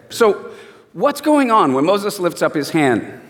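A man preaching a sermon and reading scripture, an animated storyteller who acts out the voices. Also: high-pitched, takes it slowly, big-room sound.

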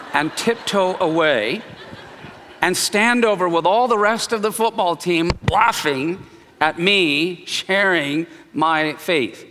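A man preaching a sermon, telling a personal story with animated swings between quiet and loud. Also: fairly high pitch, big-room sound. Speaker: pastor.

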